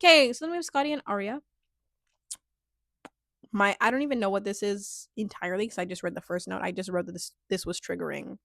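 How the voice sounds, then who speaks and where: A young woman vlogs a casual recap of a reality show, chatty, heavy on filler words and laughing often. Her medium-pitched voice is fairly quick, creaky and fairly bright, recorded at studio quality with no echo.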